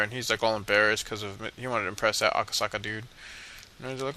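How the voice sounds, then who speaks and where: A man narrates his own game playthrough in a loose, rambling way, full of fillers and irreverent asides. His voice is bright and has some edge to it. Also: medium pitch, steady tone, quick pace. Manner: rambling, mumbling, lots of fillers; joking, irreverent. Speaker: video game commentator. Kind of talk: casual let's play commentary.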